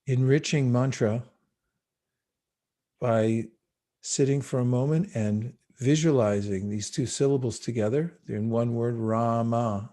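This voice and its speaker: Over a video call, a meditation teacher guides listeners through their breathing in a calm, unhurried, gently instructive way. His voice is mellow and warm, pitched in an ordinary middle range for a man.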